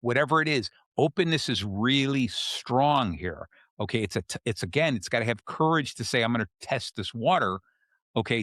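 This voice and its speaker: A man's voice: medium pitch, a bit bright, no echo, studio quality. A man hosting a self-help podcast, explaining ideas in a casual way and often checking in with "okay?". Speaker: podcast host.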